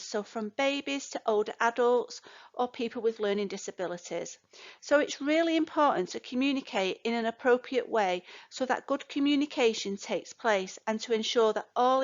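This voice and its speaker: An older woman delivers a recorded lesson for care workers, speaking in a chatty way and dotting her sentences with fillers and "you know" asides. Her voice sits a little high. The recording sounds dull and lo-fi. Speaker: care course tutor. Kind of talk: recorded lecture.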